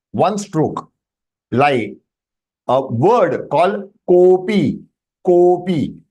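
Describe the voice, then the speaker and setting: Fairly high-pitched and a little mellow, a man with an Indian English accent leads a Sanskrit lesson on a video call. He explains as he goes, asks students questions to check on them, and weaves Hindi into his English in this online workshop.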